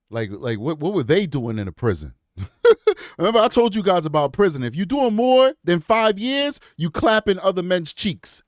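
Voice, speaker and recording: A man's voice: sits high, dry recording, studio quality. Fired-up male true crime host. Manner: chatty, rambling, goes off on impassioned tangents. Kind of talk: live-stream commentary.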